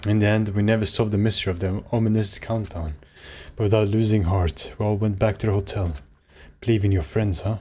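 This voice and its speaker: A man's voice: fairly low pitch, fairly even intonation, a little fast, a little mellow, soft background music, natural voice. A man voicing the reflective inner monologue of an uncertain young male student in a video game.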